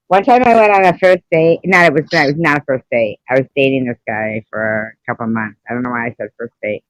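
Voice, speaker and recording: A woman's voice: extremely low pitch, fast, dry recording, poor audio. A middle-aged woman hosting a casual live stream, blunt and teasing, telling stories and laughing often.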